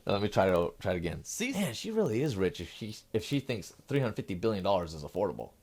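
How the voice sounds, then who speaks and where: A middle-aged man delivers satirical news commentary, and his pitch swings widely from line to line. He acts out little scenes of shoppers and store clerks. Now and then he fumbles a line and starts it again. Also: fast, breathy edge. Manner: animated, acts out quoted shoppers and clerks, fumbles and restarts lines. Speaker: host.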